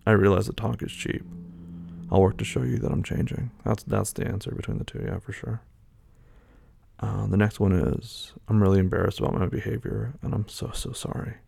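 A man's voice: on the low side, fairly even intonation, fairly quick, vocal fry, warm tone, slightly rough. A man talking casually as he works through a quiz aloud, hesitating and musing between the options. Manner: thinking aloud, hesitant, muttering fillers. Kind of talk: casual talk, taking an online quiz aloud.

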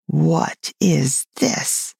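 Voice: medium pitch, expressive, a little slow, darkish tone, no room sound, clean studio sound. A narrator voicing a proud, dreamy male unicorn in a storybook reading, speaking carelessly and loftily. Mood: haughty. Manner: careless, lofty.

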